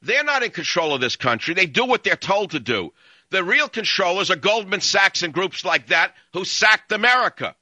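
A man's voice: high voice, very animated, moderate pace, bright, forceful tone, dry recording. A man hosting a talk radio show, ranting and sarcastic as he cuts in on callers. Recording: dull lo-fi broadcast audio.

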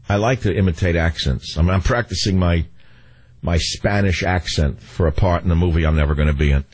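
A man's voice: low-pitched, fairly quick, a little mellow, slightly rough, no room sound. An older man hosting a talk radio show, rambling wryly and cracking jokes at a studio microphone. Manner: rambling, wry and joking. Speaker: radio host.

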